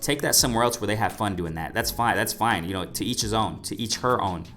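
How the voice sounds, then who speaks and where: A man's voice: on the low side, lively intonation, fast, faint music behind. Rambling man hosting a boxing commentary. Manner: rambling, repeats "ladies and gentlemen", many fillers. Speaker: boxing channel host. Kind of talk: casual video commentary.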